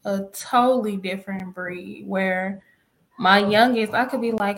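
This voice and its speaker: A woman's voice: medium pitch, steady tone, a little slow, low-quality recording. A woman, telling parenting stories in a casual panel talk and acting out the dialogue. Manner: emphatic storytelling, acts out dialogue.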